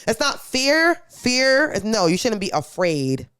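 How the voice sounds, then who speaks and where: A young woman co-hosting a podcast in casual chat, blunt and animated, swearing freely and acting out quoted voices. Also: a little high, slow pace, clean tone, dry recording, studio quality. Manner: acts out quoted kids and parents in a raised voice. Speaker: podcast co-host.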